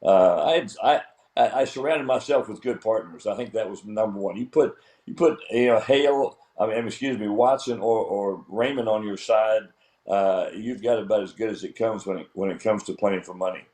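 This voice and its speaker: A man's voice: on the low side, normal speed, warm tone, roomy sound, poor audio. An older man speaking as an interview guest, telling stories in a blunt, plainspoken way. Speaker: guest, retired golf pro. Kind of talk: casual interview.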